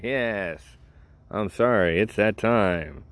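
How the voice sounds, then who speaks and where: A man's voice: lowish voice, slow pace, very noisy. A man hosting his own podcast in a casual solo monologue, rambling and joking at his own expense. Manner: rambling, self-deprecating, jokey. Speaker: podcast host.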